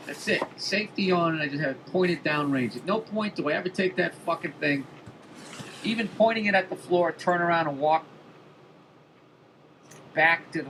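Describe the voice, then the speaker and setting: Profane animated man telling stories. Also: fairly high pitch, background noise. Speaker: podcast host. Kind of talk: casual comedic monologue.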